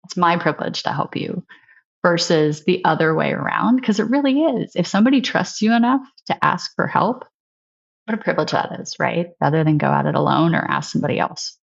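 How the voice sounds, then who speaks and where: Low, gravelly woman telling stories. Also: lively intonation, fairly quick. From United States. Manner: earnest, reflective storytelling with frequent "right?" and "like". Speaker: guest, sales leader. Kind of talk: casual interview talk. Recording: slightly dull, lo-fi sound.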